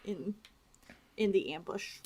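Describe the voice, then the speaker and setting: A woman's voice: medium pitch, takes it slowly, a little mellow, breathy edge. Woman cohost on a film podcast, casual, laughs at herself, asks lots of questions. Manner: self-deprecating, jokey, asks questions. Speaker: podcast co-host. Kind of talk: casual movie-review chat.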